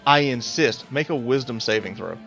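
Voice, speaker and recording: A woman's voice: a bass voice, lively intonation, moderate pace, vocal fry, a bit bright, faint music behind, heavily acted. A man voicing a menacing snake-eyed woman who politely insists on getting her way in a tabletop game. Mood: insistent.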